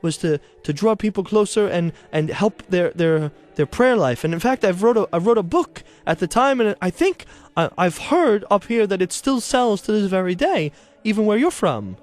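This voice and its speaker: A priest voicing a gentle, earnest old bishop saint in a comic radio sketch. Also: male voice, sits high, animated, normal speed, hardly any pauses. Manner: mild, earnest, slightly pompous. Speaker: priest co-host.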